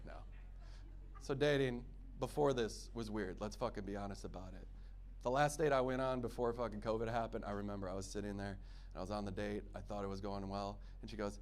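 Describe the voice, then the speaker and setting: A man's voice: fairly low pitch, fairly quick, darkish tone, a little hiss or hum. Crude, sarcastic young male stand-up comic. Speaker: stand-up comedian. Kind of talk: stand-up comedy set. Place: comedy show in a gym.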